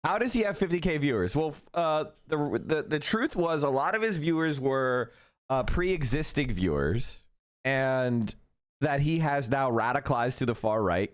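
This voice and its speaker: Man, profane, mocking, incredulous, animated pitch. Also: normal speed, smooth. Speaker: streamer reacting to clip. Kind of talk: profane reaction commentary.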